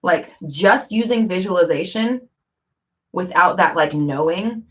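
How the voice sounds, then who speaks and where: A woman's voice: fairly low pitch, expressive, unhurried, a bit bright. A woman vlogger talking casually to camera, rambling with fillers and self-corrections.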